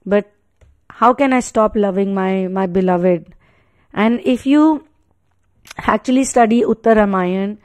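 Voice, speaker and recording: A woman's voice: mid-range voice, mellow, no echo. A woman telling a spiritual story in a casual, earnest way, with emphatic repetition and frequent restarts.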